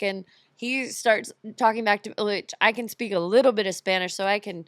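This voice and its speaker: A woman from the United States, a podcast guest who tells travel stories in a lively way and laughs often. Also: medium pitch, brisk, no echo, clean studio sound. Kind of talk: casual chat.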